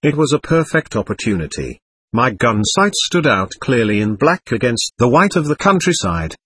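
A man narrating an audiobook in the first person, measured and vivid. His voice is husky and moves lively through its pitch, recorded dry and close to the mic. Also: no echo.

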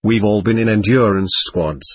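A man reading the part of an earnest, determined young soldier who speaks in a steady, defiant voice, in an audiobook. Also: fairly low pitch, moderate pace, breathy edge.

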